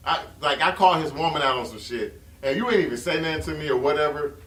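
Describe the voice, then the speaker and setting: A man's voice: fairly high pitch, expressive, quick pace, a bit bright. A man hosting a podcast who talks in a blunt, profane, joking way in casual chat. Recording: roomy, distant mic with faint ambience.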